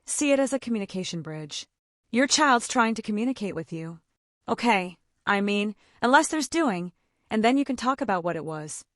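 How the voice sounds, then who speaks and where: A woman's voice: mid-range voice, lively intonation, moderate pace, no echo, studio quality. A mother of autistic children giving casual advice, chatty and full of "like", acting out the conversations she describes. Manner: chatty, fills speech with "like", acts out quoted dialogue.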